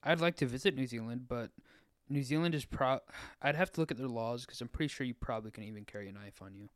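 A young man co-hosting a podcast in casual chat, opinionated and wry, often trailing off quietly. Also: mid-range voice, fast talker, no room sound. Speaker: podcast co-host.

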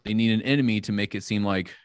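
A man's voice: lowish voice, steady tone, quick pace, clean tone, no echo, clean studio sound. A man on a casual podcast, talking in a blunt, profane, ranting way. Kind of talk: casual heated podcast chat.

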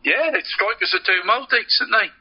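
A man's voice: high voice, fairly quick, breathy edge. A man co-hosting a casual football podcast, chatty and laughing often, always calling his friend "mate". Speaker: podcast co-host. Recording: lo-fi muffled audio.

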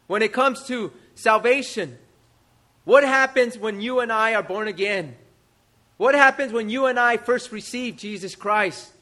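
Male pastor, sermon delivery, very high pitch, rhetorical questions and repetition. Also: pushed and bright. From United States. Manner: emphatic rhetorical questions, repeats phrases.

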